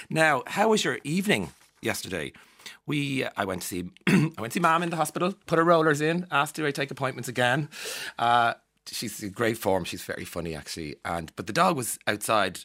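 A middle-aged Irish man hosting a radio show, telling chatty stories and acting out other people's voices with laughs. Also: normal speed. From Ireland. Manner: animated storytelling, acting out voices with big pitch jumps, laughs often. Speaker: radio host.

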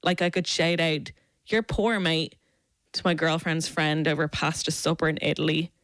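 A woman's voice: low voice, level tone, a little fast, a bit bright, no room sound, studio quality. A woman with a South Dublin Irish accent delivering a scripted, sardonic comic rant as a radio columnist. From South Dublin, Ireland.

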